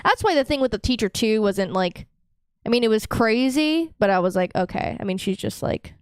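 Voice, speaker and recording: A woman's voice: on the high side, lively intonation, a little fast, clean tone, dry recording, studio quality. A young woman co-hosting a podcast, chatting casually and bluntly, laughing and swearing freely. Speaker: podcast co-host. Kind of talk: casual chat reviewing a manga.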